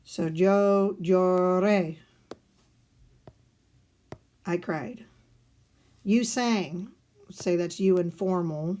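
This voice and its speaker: This Spanish teacher walks through guided notes in a recorded video lesson, explaining step by step and answering the questions she asks herself. Her fairly low, mellow voice stretches out words and leaves long pauses.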